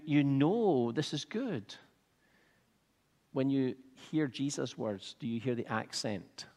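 Earnest preacher in an echoey hall. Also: male voice, fairly high pitch. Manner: measured and earnest, building to fervent emphasis. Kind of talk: sermon.

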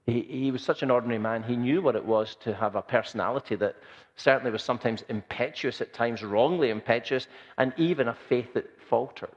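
Preacher in a reverberant hall. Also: male voice, medium pitch, brisk. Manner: earnest, conversational preaching with repetitions. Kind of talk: sermon. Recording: dull sound with long hall reverb.

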